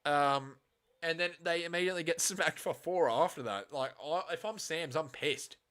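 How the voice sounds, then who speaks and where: A man hosting a casual live reaction stream of a match, swinging from quiet muttering to loud, exasperated outbursts and swearing bluntly. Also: a little high, normal speed, clear, resonant tone.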